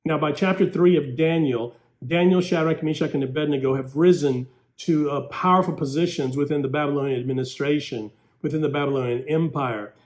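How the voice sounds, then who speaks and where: A man's voice: fairly high pitch, brisk, hardly any pauses. A man preaching a sermon in an emphatic, rhetorical way, raising his voice for mocking quotes.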